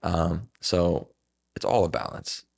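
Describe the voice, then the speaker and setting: A man as a podcast guest, talking reflectively in a casual chat, with a lot of fillers and drawn-out phrases. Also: deep voice, sing-song, creaky, darkish tone.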